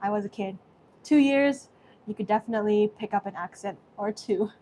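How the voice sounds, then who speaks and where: A woman's voice: mid-range voice, fairly quick, dark tone, a little hiss or hum. A young woman with an American accent hosting a live cooking stream from her kitchen, chatty and effusive as she thanks viewers by name. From Singapore. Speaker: host.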